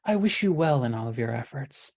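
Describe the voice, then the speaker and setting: A woman voicing a smooth, self-absorbed man whose sweet, condescending words carry hidden venom. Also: mid-range voice, animated, brisk, darkish tone, no room sound. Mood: honeyed, patronizing.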